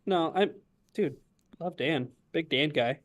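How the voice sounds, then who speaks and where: Man, co-host running a quiz segment, slightly high voice, relaxed and hesitant. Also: slow. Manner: easygoing, hesitant fillers. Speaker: podcast co-host, game runner. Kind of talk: casual podcast banter.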